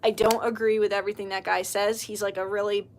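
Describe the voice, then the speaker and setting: A woman talking in a casual, rambling livestream chat as a spiritual channeler, full of fillers and excited exclamations. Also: medium pitch, fast, a little hiss or hum.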